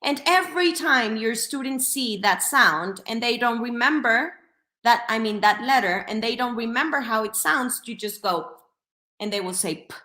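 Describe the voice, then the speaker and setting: Lively woman teaching phonics over webcam. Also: on the high side, normal speed. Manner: lively, demonstrative, sounds out phonemes. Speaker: teacher trainer. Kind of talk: online teacher training talk. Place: home room, alone at computer. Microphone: computer webcam mic. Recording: echoey room.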